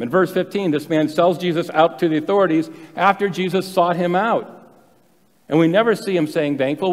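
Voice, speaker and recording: This pastor's voice is a little high and a little mellow as he delivers his sermon. He spins stories in a chatty way and pokes fun at himself along the way, his words carrying a long hall reverb through the church sanctuary.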